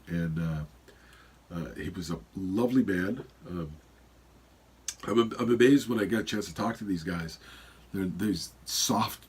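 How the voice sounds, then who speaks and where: A man's voice: low-pitched, darkish tone, slightly rough. A man in his fifties with a stuffy nose, hosting a podcast in a rambling, casual solo intro full of fillers. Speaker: podcast host.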